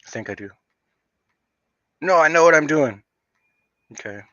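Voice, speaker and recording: A man rants casually on a livestream in a bright, forceful voice, with a slight stutter that catches on some words. He rambles and restarts often as he talks. The sound is dull and lo-fi, with a dry, close feel. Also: a little high, lively intonation, unhurried, no echo. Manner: rambling, with frequent fillers and restarts. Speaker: livestream host.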